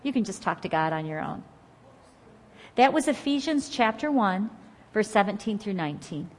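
A woman teaching a Bible study class in an earnest, conversational and encouraging way, reading scripture aloud slowly and with emphasis. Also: medium pitch, lively intonation, long reverb tail.

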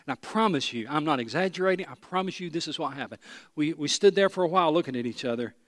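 A man preaching in a slightly high voice. He tells stories with a lot of animation, jokes at his own expense and hammers his points home by repeating them. The sound is close and dry. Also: fast, no echo. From East Tennessee. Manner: animated storytelling, self-deprecating humor, emphatic repetition. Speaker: pastor. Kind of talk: sermon.

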